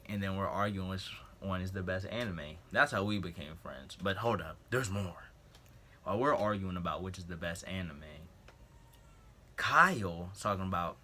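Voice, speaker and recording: Young male vlogger, low voice, lively storyteller, faint hiss behind. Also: normal speed. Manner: animated storytelling, acting out quotes. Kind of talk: casual storytime vlog.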